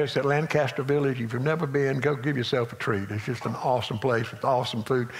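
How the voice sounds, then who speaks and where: Folksy Southern preacher, a man. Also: medium pitch. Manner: folksy preaching, swings between loud emphasis and quiet asides. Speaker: pastor. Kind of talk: sermon.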